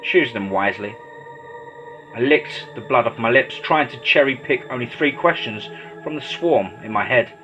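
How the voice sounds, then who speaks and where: A man narrating a horror story in a steady, dramatic storytelling voice. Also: mid-range voice, normal speed. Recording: slightly dull lo-fi audio with faint music.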